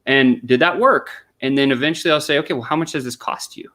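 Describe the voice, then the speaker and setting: A man's voice: medium pitch, quick pace, bright, forceful tone. A man on an interview, explaining a sales method step by step and acting out sample questions and replies. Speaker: sales consultant guest. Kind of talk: conversational interview.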